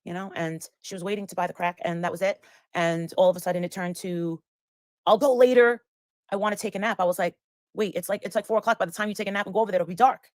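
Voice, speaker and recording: A guest storyteller, a woman, rambles through a tale in casual chat and acts out the lines of the people in it. Her voice is on the low side and darkish, with fairly even intonation and a racing pace, and there's no room sound.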